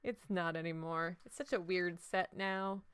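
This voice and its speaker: Her voice is on the low side, clear and resonant with a bit of brightness, fairly even intonation, and a measured pace. As a livestream host playing a game, she chats jokingly with live viewers and reacts to their votes.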